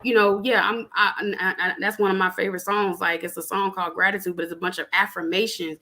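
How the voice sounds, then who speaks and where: A young adult woman in casual spiritual chat on a podcast, animated and preachy, talking plainly with lots of fillers. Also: mid-range voice, fast. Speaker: podcast guest.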